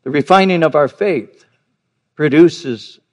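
A man's voice: fairly high pitch, slow, darkish tone. A man in his fifties or older preaching a sermon, telling a personal story earnestly and repeating words for emphasis. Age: 50s or older. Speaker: pastor.

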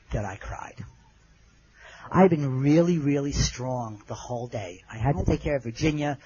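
A middle-aged man telling a personal story in an earnest way. His voice goes low and soft at the moving parts. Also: dull audio.

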